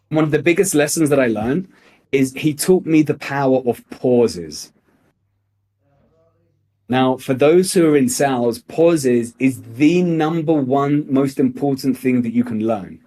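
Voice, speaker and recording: A young male sales coach giving a motivational lesson. He talks in an emphatic, blunt way and swears freely. His voice sits at an ordinary male pitch. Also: measured pace, dark tone. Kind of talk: motivational teaching talk.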